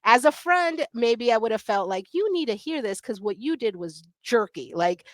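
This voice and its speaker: A woman's voice: fairly high pitch, very animated, moderate pace, dry recording. A middle-aged woman on a panel talking candidly over a video call, blunt and self-deprecating, laughing often. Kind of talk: candid conversational storytelling.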